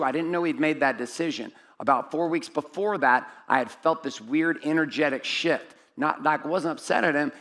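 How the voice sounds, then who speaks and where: Onstage before an audience of men, a middle-aged event speaker gives a profane, no-nonsense motivational speech. He alternates between shouting bursts and hushed, intimate remarks.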